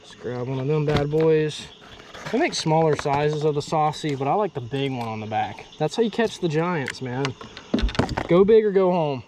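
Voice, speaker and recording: A young man vlogging from a boat on a night fishing trip, excitedly exclaiming as he talks, with crickets behind him outdoors. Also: a little high, moderate pace, noisy background. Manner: excitable, exclaiming, breaks into whoops. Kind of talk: excited outdoor vlog commentary. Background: crickets and insects at night.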